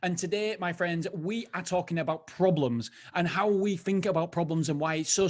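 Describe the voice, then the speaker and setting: Man, motivational podcast host, casual storytelling, self-interrupting, slightly high voice. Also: darkish tone. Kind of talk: motivational solo podcast talk.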